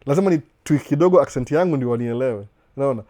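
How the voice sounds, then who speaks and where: Fast-talking Kenyan man, casual live chat. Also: mid-range voice, mellow. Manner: chatty, repeats and restarts, asks "unaona?". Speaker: live-stream host. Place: indoor home den with a couch.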